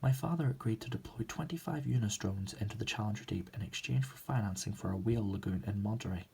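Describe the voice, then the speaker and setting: A man voicing a determined young woman submarine pilot in a forceful, defensive manner, as a whispered role-play. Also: fairly low pitch, fast talker, creaky, slight background noise. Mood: earnest.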